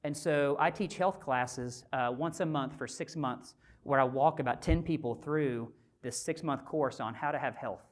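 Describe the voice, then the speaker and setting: A male physician giving a motivational conference talk, conversational and animated, often asking the audience rhetorical questions. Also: medium pitch, moderate pace, few pauses. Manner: animated storyteller. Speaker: physician and speaker at a health summit.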